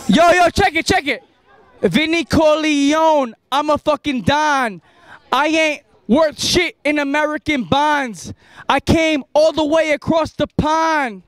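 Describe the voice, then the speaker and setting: A very high-voiced man spits a cocky freestyle rap on a street corner at night. He rhymes in quick bursts and breaks into laughter between bars, recorded on a handheld camera out in the open street. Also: fairly bright tone, no echo. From New York. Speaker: rapper.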